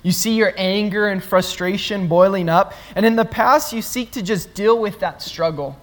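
Pastor delivering a sermon, earnest and emphatic, mid-pitched voice ringing with long hall reverb. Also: normal speed. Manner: earnest, repetitive emphatic phrasing.

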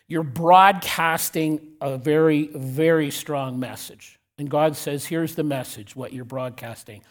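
Blunt, fairly high-voiced male pastor preaching. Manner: blunt and direct, repeats key lines for emphasis. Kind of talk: sermon. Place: church.

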